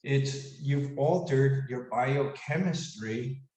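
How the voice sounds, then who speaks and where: A man giving an animated, casual motivational lecture who asks the audience questions. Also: medium pitch, takes it slowly. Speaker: speaker giving a leadership talk. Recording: echoey room, mic at a distance.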